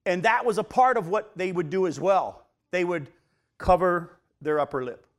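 A man with a slightly high voice leads a Bible study sermon. He moves between reading scripture aloud and plain, conversational explanation, putting questions to his listeners. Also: normal speed. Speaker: pastor. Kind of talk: teaching sermon.

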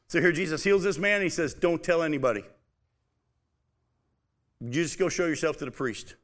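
Animated man preaching a Bible study. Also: fairly high pitch, normal speed, pauses often. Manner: animated, conversational, reads scripture aloud with emphasis. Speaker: pastor. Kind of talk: expository sermon with scripture reading.

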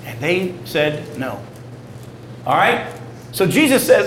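Male preacher, fairly high voice, animated delivery that rises to loud peaks and drops low, recorded in an echoey room. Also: slow, slight background noise. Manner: animated, swings from loud emphasis to low, quiet stresses. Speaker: pastor. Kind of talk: sermon with scripture reading.

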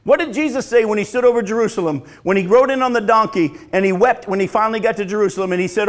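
A high-pitched male pastor preaches a sermon that swings between loud, emphatic lines and hushed, slow, drawn-out phrases.

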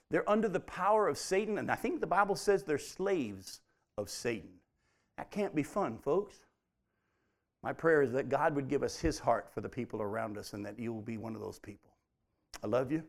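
A man preaching a sermon to his congregation, swinging from loud emphatic peaks down to hushed near-whispers. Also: medium pitch, lively intonation, a little fast, gravelly. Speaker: pastor.

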